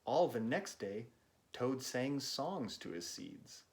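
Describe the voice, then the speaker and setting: A man reading a picture book aloud to children, with gentle chatty asides to young listeners. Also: medium pitch, very animated, takes it slowly. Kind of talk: read-aloud storytime for kids.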